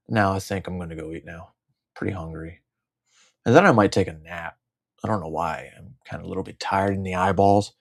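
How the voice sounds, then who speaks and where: A man's voice: sits low, fairly quick, gravelly. A middle-aged man from the United States in a rambling, sardonic monologue, swearing freely and repeating his own lines. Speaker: vlogger. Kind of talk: casual ranting monologue.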